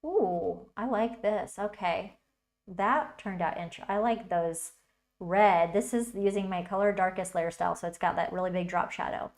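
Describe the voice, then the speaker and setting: A woman's voice: mid-range voice, normal speed. A woman hosting a casual livestream tutorial, chatting and thinking aloud as she works. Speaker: tutorial host.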